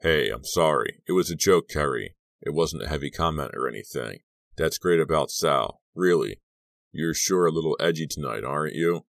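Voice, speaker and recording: A wisecracking, brash teenage boy, as read by a man for an audiobook, teasing his friend in a very deep voice. The sound is close and dry with no room around it. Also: expressive, normal speed, creaky, dry recording, exaggerated voice. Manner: teasing, needling jokes. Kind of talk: audiobook character reading.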